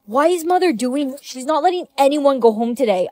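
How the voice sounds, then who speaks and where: A woman's voice: high voice, lively intonation, normal speed, a little mellow, no room sound. A woman acting out short dramatic POV skits, switching between characters. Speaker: skit creator.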